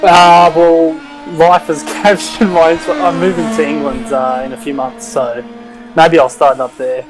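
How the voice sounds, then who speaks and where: A man's voice: fairly high pitch, flat delivery, normal speed, soft background music, poor audio. A man chatting casually and joking about stepping back from online racing. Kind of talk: casual chat.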